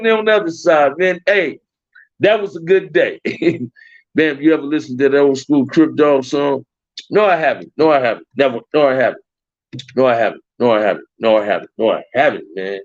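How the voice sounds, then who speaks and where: This casual livestream chat features a middle-aged man from Compton, Los Angeles, speaking a little fast with a fairly high pitch. Loose and slangy, he repeats himself often as he talks with viewers. The recording is dull, dry, lo-fi stream audio with no room sound.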